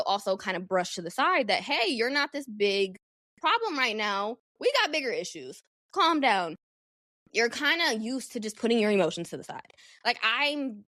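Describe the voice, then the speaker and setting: A woman's voice: mid-range voice, fairly bright tone, no echo. A young woman hosting a solo podcast, talking candidly and animatedly, swearing freely. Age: young adult. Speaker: podcast host. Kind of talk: casual solo podcast talk.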